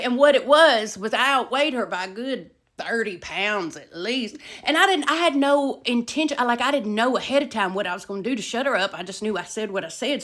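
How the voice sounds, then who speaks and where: A middle-aged woman telling a casual storytime, animated, with loud emphasis and hushed asides. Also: a little high.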